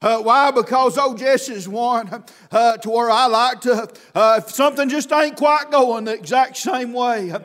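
A man preaching a sermon with fervor, often shouting and filling his pauses with constant "uh, uh". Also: extremely high pitch. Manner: fervent, often shouting, with constant "uh, uh" between phrases.

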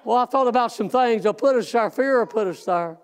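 Very high-voiced shouting man preacher. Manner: shouts and drawn-out exclamations; folksy plain speech. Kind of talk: fervent sermon.

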